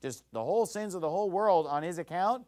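A male Baptist preacher with a high, lively voice that leaps up and down as he presses his points. He preaches with force, breaking into shouted quotes before dropping back to his plain voice. His sermon delivery is emphatic and animated throughout. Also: fast talker.

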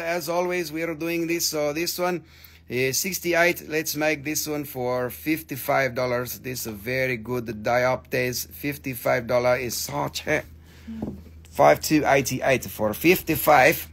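A man's voice: mid-range voice, fairly even intonation, unhurried, vocal fry, a bit bright. A man hosting a live gem sale show, chatty and joking, swearing casually, with phrasing. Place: gem shop studio.

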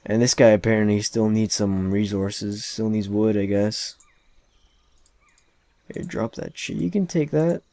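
A young man giving casual, excitable gameplay commentary, swearing often and talking to the characters on screen. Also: on the low side, moderate pace, hardly any pauses, dry recording. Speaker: let's play gamer.

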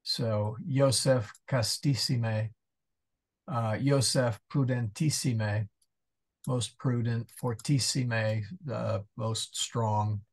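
A man's voice: mid-range voice, steady tone, extremely slow. A man teaching a casual Latin class, thinking aloud and muttering asides while he looks things up. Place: church parish class over video call.

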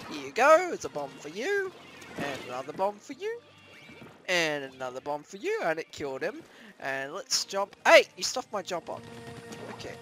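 A young adult gaming host giving excitable let's-play commentary, breaking into screams at scares and rambling in self-mocking asides. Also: medium pitch, moderate pace, faint music behind.

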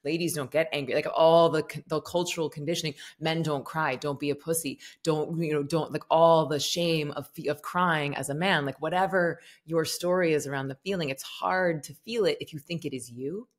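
Low-voiced woman. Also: moderate pace, few pauses. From Southern United States. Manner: expressive, thoughtful, musing aloud. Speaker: guest, meditation teacher. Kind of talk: conversational podcast interview.

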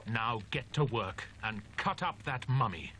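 A grim, resolute young student , voiced by a man, in a horror audiobook drama. He speaks firmly and deliberately at a middle pitch, with faint noise behind him. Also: animated, close to an everyday voice. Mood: threatening.

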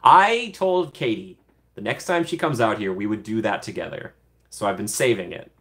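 A man's voice: fairly low pitch, animated, moderate pace, fairly bright tone. A young man casually hosting a livestream, chatty, laughing often and gushing thanks to his viewers. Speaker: livestream host.

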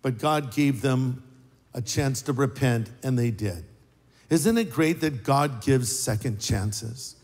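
A man preaching a sermon as pastor, in a conversational, joking way with big swings in pitch. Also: slow pace, a little mellow. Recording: live sermon with long hall reverb.

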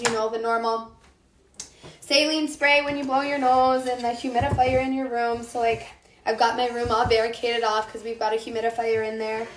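A fairly high-voiced young woman chats her way through a cooking demo, talking straight to her viewers and answering their comments. She is getting over a lost voice. The kitchen sounds echoey, with faint noise behind her. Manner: chatty, talks to viewers as "you guys" and answers comments. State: recovering from a lost voice. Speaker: cooking show host. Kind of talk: chatty live cooking demonstration. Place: home kitchen.

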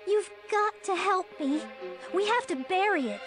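A woman's voice: high voice, lively intonation, a little slow, soft background music, voice pushed up. A woman voicing a frightened teenage girl who pleads urgently and breathlessly. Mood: frantic.

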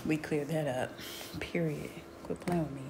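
A woman's voice: sits low, fairly even intonation, normal speed, gravelly, a little hiss or hum. Emphatic woman telling a storytime. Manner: emphatic, punctuates points with "period"; swings from hushed asides to loud bursts. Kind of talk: casual storytime chat.

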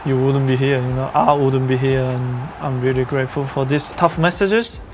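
A man's voice: medium pitch, fairly even intonation, moderate pace, background noise. A man, a professional footballer whose first language is Korean, answering interview questions in simple, plain phrasing.

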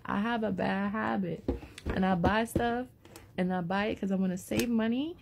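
Breathless chatty woman, gravelly voice. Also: mid-range voice, fairly even intonation, moderate pace, background noise. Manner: rambling, chatty, talks to viewers. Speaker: vlogger. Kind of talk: casual unboxing chat.

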